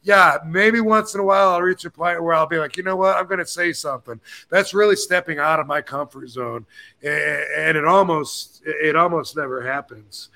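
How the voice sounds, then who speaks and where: A man in his fifties hosts a podcast, telling a rambling story in casual chat with a creaky, high-leaning voice at a moderate pace. He's animated, acting out the voices and curses of the people in his tale.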